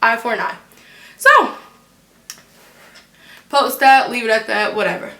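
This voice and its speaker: A teenage girl tells a storytime for her vlog in a lively, blunt way, swearing without a second thought. Her voice sits a little high and sounds bright and sharp. The room around her is echoey. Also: unhurried. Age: teens. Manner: animated and blunt, swears freely. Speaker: vlogger.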